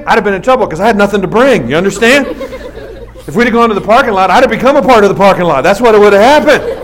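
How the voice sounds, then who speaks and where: A man's voice: sits high, expressive, fast. A man in his forties preaching to a young audience, telling a story with comic self-mockery and acting out the scenes. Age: 40s. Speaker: youth speaker. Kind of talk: storytelling sermon.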